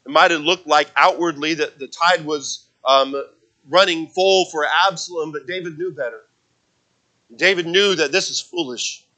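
A man delivers an expository sermon in a high, bright voice. He walks through the verses earnestly, often restarting his sentences. When he quotes scripture, his delivery swells into emphatic peaks. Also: normal speed. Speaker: preacher.

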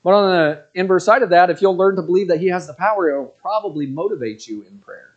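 A man's voice: sits high, fast talker, lo-fi sound. A man in his thirties giving a casual, rambling sermon, full of fillers and joking asides. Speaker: pastor.

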